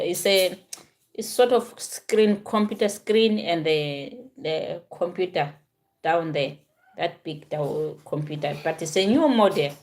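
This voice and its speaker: Woman in her forties, from southern Africa, casual vlog talk, halting and repetitive. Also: fairly low pitch. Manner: halting, repeats and restarts phrases. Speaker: vlogger.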